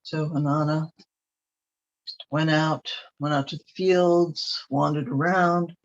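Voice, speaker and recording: A man's voice: a little high, fairly even intonation, takes it slowly. A man telling a myth at a ceremonial storytelling event, meandering with ums and restarts. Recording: dull lo-fi recording.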